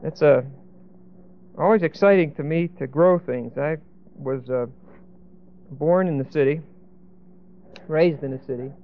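A man's voice: mid-range voice, slight background noise. A man teaching a Bible passage in an explanatory, emphatic way, often checking in with "okay?" and "see?". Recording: tinny phone-like lo-fi sound.

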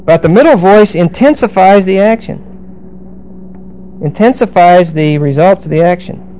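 A middle-aged man preaching verse by verse, unpacking Greek grammar with homely asides and dry humor. His voice sits a little high yet sounds mellow and dark. A faint hiss runs under the recording. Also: moderate pace, poor audio. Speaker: pastor. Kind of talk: verse-by-verse sermon.

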